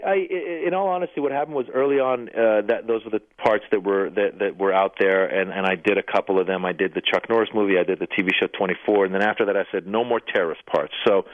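A man with a low-set voice tells anecdotes as a radio interview guest, slipping into the voices of the people he quotes. His line comes through thin and tinny, like a phone call, with a completely dry sound. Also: dry recording. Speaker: comedian and actor, interview guest.

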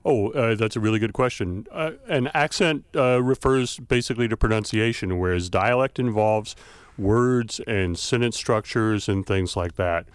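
A male linguistics professor from the American South with a light Southern accent, explaining things thoughtfully with many pauses. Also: lowish voice, smooth, dry recording. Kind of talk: expert interview.

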